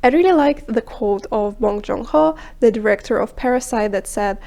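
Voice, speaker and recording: High-voiced woman narrating a film review. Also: normal speed, vocal fry, mellow. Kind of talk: scripted video narration.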